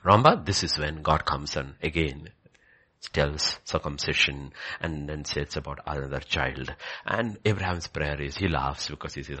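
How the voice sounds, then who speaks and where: A man preaching a sermon, swinging from loud, high emphatic lines to soft near-whispers. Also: normal speed.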